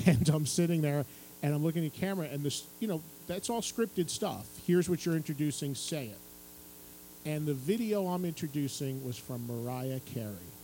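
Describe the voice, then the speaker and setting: Middle-aged male raconteur, higher-pitched voice, animated live storytelling on a small stage, faint background hum. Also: moderate pace, poor audio. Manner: lively storyteller who acts out other people's lines and laughs through the tale. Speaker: radio and TV music host telling a story at a book signing. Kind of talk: animated anecdote to a live audience. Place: radio station stage at a public event.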